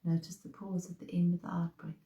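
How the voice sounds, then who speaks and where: A woman leading a slow guided breathing meditation in a soft, calm voice. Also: fairly low pitch, vocal fry, reverberant, poor audio. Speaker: meditation teacher.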